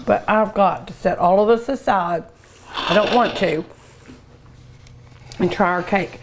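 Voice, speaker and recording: An older woman with a warm Kentucky drawl hosts a cooking show, savoring each bite and gushing over her dishes with hums and sighs. She takes her time, drawing out her words at an unhurried pace in a middle-pitched voice. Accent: Kentucky Southern US. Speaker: cooking show host and restaurant owner. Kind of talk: food tasting show.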